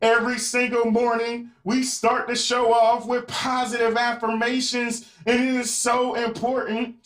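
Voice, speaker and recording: A podcast host runs a live-streamed monologue, addressing viewers in the chat directly and repeating phrases for emphasis. His voice is extremely high-pitched, monotone, a bit bright, and a little slow. The room sounds echoey.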